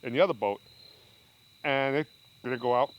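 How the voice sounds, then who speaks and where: Older dad, chatty rambling storyteller, mid-range voice. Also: male voice, medium pitch, normal speed, clean tone, muffled recording. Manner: rambling, with restarts and asides. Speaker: podcast guest, father. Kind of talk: casual storytelling.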